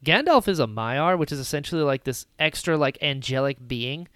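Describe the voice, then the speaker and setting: A woman hosting a podcast, recapping a film in casual chat with lively retellings. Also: deep voice, smooth, no echo, clean studio sound. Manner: animated retelling with quick character voices. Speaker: podcast host.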